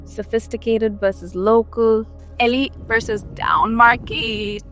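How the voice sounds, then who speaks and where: A woman's voice: a little high, steady tone, measured pace, a bit bright, soft background music. A woman from India with an Indian English accent, speaking in a scripted vlog commentary and making her points emphatically with rhetorical questions. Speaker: vlogger.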